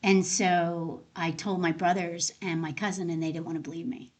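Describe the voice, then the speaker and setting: The audio is dull, and the woman's voice is lowish at a moderate pace. She's a guest being interviewed, an end of life doula recounting personal stories conversationally and animatedly acting out the lines she quotes.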